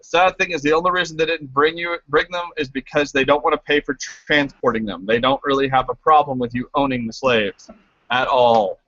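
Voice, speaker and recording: Male game master, bright tense tone, dry wit, lo-fi voice chat. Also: medium pitch, a little fast, dry recording. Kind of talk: narrating a tabletop game. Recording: lo-fi online voice chat.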